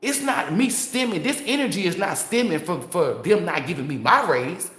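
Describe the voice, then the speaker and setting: A woman's voice: on the low side, lively intonation, moderate pace, a bit bright. A woman tarot reader talking straight to her viewers in a blunt, profane, fired-up unscripted monologue. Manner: blunt, profane, fired-up storytelling with rhetorical asides. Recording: roomy echo.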